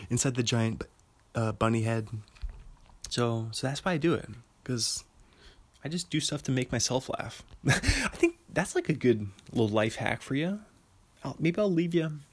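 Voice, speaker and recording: A man's voice: mid-range voice, vocal fry. A young man from Washington State talking in a casual, rambling monologue, full of fillers and frequent laughter at his own jokes. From Washington State, USA. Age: young adult. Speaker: monologue talker.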